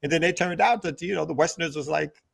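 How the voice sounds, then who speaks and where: A man's voice: a little high, quick pace, vocal fry, fairly bright tone, slightly rough. A man hosting a morning talk show, speaking in a loose, slangy and emphatic way. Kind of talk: casual radio talk show chat.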